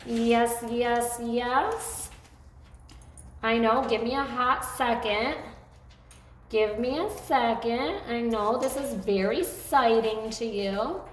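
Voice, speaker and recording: A woman training a dog, talking through the lesson in a chatty, coaxing way, her voice getting a little hoarse. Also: fairly high pitch, slow pace, slight background noise. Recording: very echoey room.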